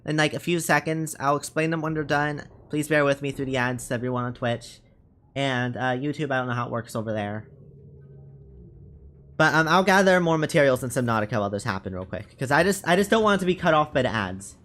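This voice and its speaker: A man's voice: mid-range voice, brisk, fairly bright tone. A man streaming a game and chatting casually with viewers, rambling with many fillers and restarts. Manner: rambling, chatty, lots of fillers and self-corrections. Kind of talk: casual live-stream chat while gaming.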